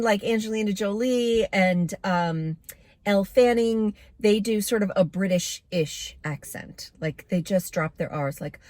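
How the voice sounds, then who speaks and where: A woman's voice: mid-range voice, dry recording. A woman giving a casual, candid movie review to camera, chatty with plenty of fillers.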